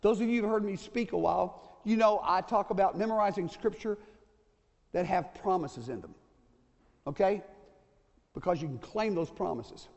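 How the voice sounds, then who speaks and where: An older male pastor, in his late sixties, delivers a folksy sermon in a tenor that sits notably high. His words hang in the long reverb of a church sanctuary. He repeats his main points and checks in with the congregation as he goes. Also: moderate pace, creaky, long pauses, a little mellow. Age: 60s.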